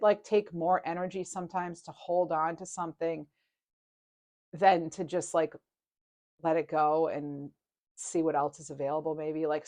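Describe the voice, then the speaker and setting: A woman's voice: sits low, darkish tone, no room sound. A woman doing a casual, chatty tarot reading to her viewers, reassuring and rambling with fillers. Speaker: tarot reader.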